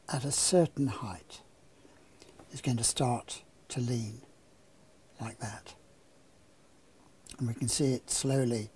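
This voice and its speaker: Husky older man explaining engineering. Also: medium pitch. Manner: anecdotal, relaxed storytelling. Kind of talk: explanatory talk with a live demonstration.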